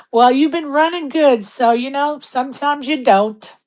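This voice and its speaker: A woman hosting a casual chat, teasing her guests and quick to laugh. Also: sits high, a little mellow. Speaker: host.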